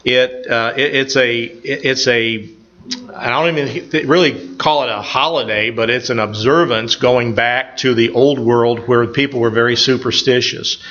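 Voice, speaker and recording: An older man preaches at a mid pitch, wandering off into folksy personal stories and often restarting his sentences. The recording sounds a little dull and lo-fi. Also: fairly bright tone. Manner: rambling, folksy storytelling with many restarts. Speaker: pastor. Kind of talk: informal sermon with personal stories.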